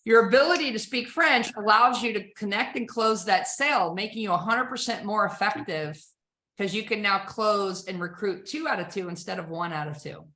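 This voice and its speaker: A woman giving an energetic sales presentation, firing rhetorical questions at her audience with emphasis. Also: mid-range voice, moderate pace. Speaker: sales trainer. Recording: echoey room.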